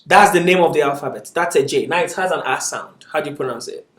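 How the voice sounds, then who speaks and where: A man's voice: on the high side, fast, fairly bright tone. A male language teacher giving a patient classroom lecture, checking often that the students follow. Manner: patient, often asks "is that okay?". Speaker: Arabic teacher. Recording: echoey classroom, voice from far off.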